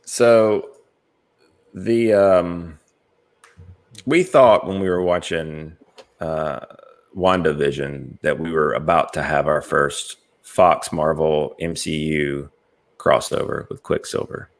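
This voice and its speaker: A man's voice: rumbling low, steady tone, slow. An American man hosting a casual podcast chat, rambling with many fillers and easy laughs. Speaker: podcast host.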